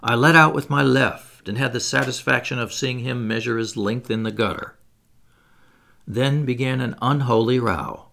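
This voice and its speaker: A man reading a classic adventure novel aloud as an audiobook, in an expressive, dramatic way. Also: medium pitch, normal speed, gravelly. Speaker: audiobook narrator.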